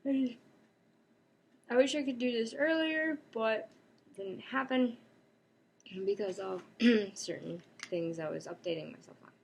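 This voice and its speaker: A woman's voice: a little high, unhurried, creaky, slight background noise. A woman chatting casually in a rambling home vlog, breaking off now and then to talk to her pet. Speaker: cosplay vlogger. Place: home apartment.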